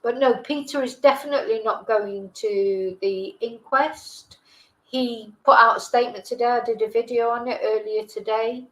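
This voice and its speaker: Her voice is on the high side, fairly bright and steady in tone, at a normal speed, though the recording is low quality. A middle-aged English woman hosting a live stream, she rambles casually through viewer comments with frequent hesitations, fillers and self-corrections.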